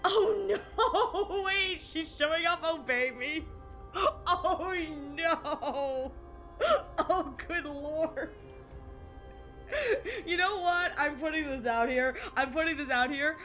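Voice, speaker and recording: A young woman streamer chats casually with her viewers in a high, bright voice, giggling often and tripping over her own sentences. Her desk mic catches faint music playing behind her. The voice stays lively and close. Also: slow pace. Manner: giggly, chatty, frequent laughter and restarts. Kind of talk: casual live-stream chat with chat readers.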